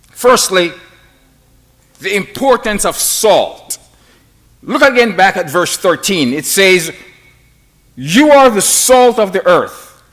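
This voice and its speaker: Slow, emphatic preacher with lively pitch. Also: male voice. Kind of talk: sermon.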